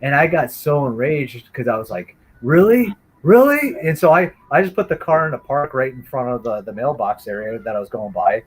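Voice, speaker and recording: A man casually telling a story, animated, acting out the quotes. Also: mid-range voice, brisk, hardly any pauses, husky, poor audio. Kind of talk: casual chat.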